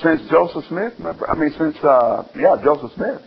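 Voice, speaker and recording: A man from Alabama, preaching an animated sermon full of questions to his listeners. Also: fairly high pitch, normal speed, vocal fry, husky. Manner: animated, call-and-response, exclaiming. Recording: dull lo-fi sound.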